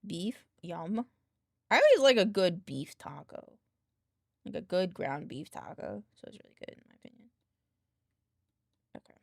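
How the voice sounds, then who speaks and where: Lively, playful woman streamer. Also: fairly low pitch, measured pace, gravelly, pauses often, no room sound, clean studio sound. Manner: playful, teasing, coos baby talk at her cat. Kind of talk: casual live-stream chat. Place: home desk.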